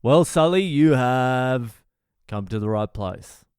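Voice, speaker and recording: A man's voice: medium pitch, lively intonation, slow pace, a little mellow, clean tone, dry recording, studio quality. A middle-aged man, host of his own podcast, telling stories in a profane, rambling, jokey way. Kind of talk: casual monologue podcast.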